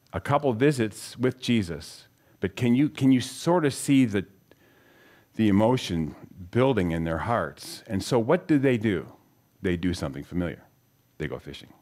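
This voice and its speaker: A man's voice: deep voice, a little mellow. A middle-aged man giving a conversational Bible talk, telling personal stories and putting questions to his listeners. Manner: asks the audience questions, storytelling, earnest. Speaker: speaker teaching scripture.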